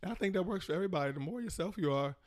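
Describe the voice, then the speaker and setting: A man from Maryland, a comedian guest in a casual podcast chat, ranting in slangy, animated bursts with mocking impressions. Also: high-pitched, very fast. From Prince George's County, Maryland.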